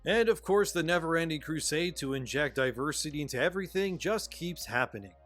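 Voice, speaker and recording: A man's voice: on the high side, expressive, fairly quick, fairly bright tone, faint music behind. Sarcastic man narrating scripted commentary. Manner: sarcastic, exasperated.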